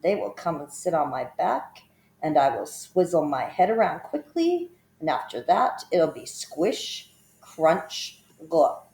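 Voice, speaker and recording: A woman voicing a greedy, scheming male crocodile who mutters slowly and slyly to himself. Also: sits low, very animated, full character voice. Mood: sly hungry. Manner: slow, hushed, sly muttering. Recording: roomy echo.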